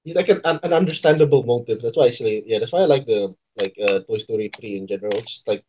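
A man with an Indonesian accent co-hosting a casual podcast, relaxed and teasing. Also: medium pitch, quick pace. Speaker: podcast co-host. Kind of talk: casual chat. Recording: dull lo-fi sound.

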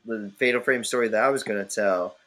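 A man's voice: lowish voice, fast talker, fairly bright tone, rough recording. A man hosting a podcast, chatting casually with an old friend in a rambling, jokey way and swearing freely. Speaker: podcast host. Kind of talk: casual chat among friends.

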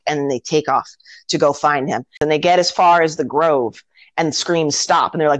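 A woman's voice: on the low side, fairly quick, no room sound. A woman casually retelling a film on a podcast, acting out the characters' lines and swearing freely. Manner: animated storytelling with acted-out quotes and swearing. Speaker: podcast host.

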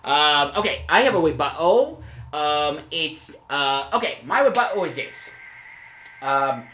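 Rambling comedy podcast host, lively pitch. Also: male voice, reverberant, slight background noise. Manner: rambling, halting with many fillers, suddenly emphatic. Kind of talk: improvised comedy podcast banter.

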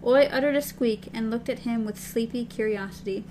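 A woman's voice: fairly high pitch, steady tone, moderate pace, hardly any pauses, a little mellow, slight background noise, low-quality recording. A woman co-hosting a casual book discussion, recapping and reading passages aloud.

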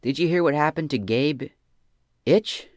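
A young man hosting a comedy podcast, answering listener questions in a deadpan slacker drawl that trails off with "man" and "bro". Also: fairly high pitch, measured pace, no room sound, clean studio sound.

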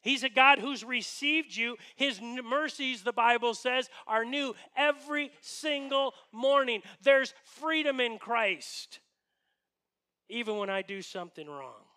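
A man delivers a sermon from the pulpit, speaking earnestly and pressing his points with rhetorical questions. His voice sits high for a man and has a bright, forceful edge. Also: measured pace. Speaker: pastor.

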